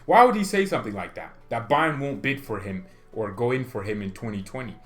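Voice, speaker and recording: A man hosting a football fan channel, talking in a rambling, excitable vlog style full of rhetorical questions. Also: medium pitch. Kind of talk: casual vlog commentary.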